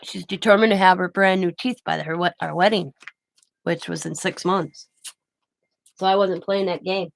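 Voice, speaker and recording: A woman's voice: on the low side, steady tone, moderate pace, creaky. An older woman hosting a craft channel, telling rambling personal anecdotes in casual chat and laughing often.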